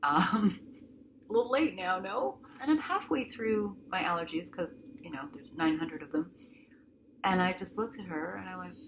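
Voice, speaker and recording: A woman vividly recounting a frightening hospital experience, emotional and animated, acting out the people involved. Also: on the low side, normal speed, very noisy. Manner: emotional, animated, acts out voices. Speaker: patient telling her story. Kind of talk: dramatic personal storytelling.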